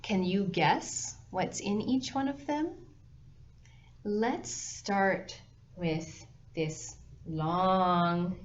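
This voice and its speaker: A woman librarian reading a picture book aloud to young children at storytime, gentle and animated with gasps and sound effects. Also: medium pitch. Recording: slightly dull lo-fi sound with faint noise.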